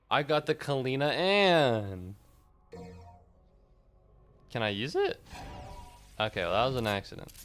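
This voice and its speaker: A man streaming himself playing an action game, commenting casually, excitable, swearing and joking at the game. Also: fairly low pitch, clean tone.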